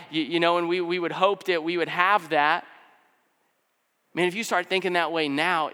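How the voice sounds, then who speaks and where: A man gives a sermon with a high, bright voice, talking to the congregation in a relaxed way with fillers and asides. His tone is smooth and clear. The long reverb of a big hall trails every word. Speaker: pastor. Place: church hall.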